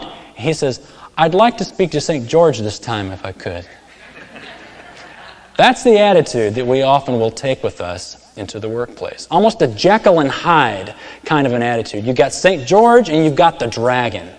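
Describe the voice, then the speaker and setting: A man preaching a sermon, telling stories and acting out characters with sudden loud, high outbursts. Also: lively intonation, normal speed. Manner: storytelling, acts out voices with big swings in pitch and volume. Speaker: pastor. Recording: long hall reverb.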